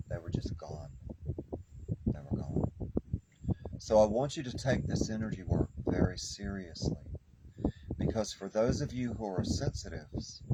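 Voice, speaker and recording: A man giving a spiritual tarot reading, speaking slowly with soothing repetition. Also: medium pitch, heavy background noise. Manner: slow, repetitive, soothing delivery. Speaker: tarot reader.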